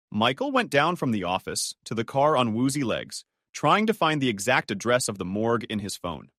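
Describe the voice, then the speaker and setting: A man's voice: medium pitch, sing-song, normal speed, few pauses, fairly bright tone, dry recording, clean studio sound. A man doing scripted dramatic narration in an emphatic manner.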